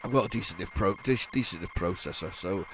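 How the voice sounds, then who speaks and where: A man's voice: low voice, fast, background noise. A congested man hosting a retro gaming show, giving rambling, chatty commentary with lots of restarts and repeated words. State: congested, stuffy nose. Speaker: retro gaming channel host. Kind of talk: casual gameplay commentary.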